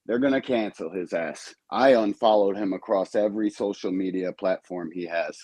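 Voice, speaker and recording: Low-voiced earnest male caller. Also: normal speed, a little mellow, dry recording. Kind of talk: call-in chat.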